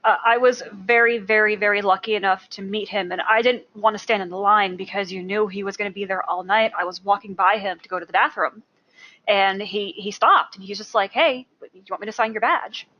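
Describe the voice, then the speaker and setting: A woman's voice: mid-range voice, steady tone, a little fast, sharp tone, muffled recording. Earnest woman podcast co-host. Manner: earnest, repeats for emphasis. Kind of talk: casual chat.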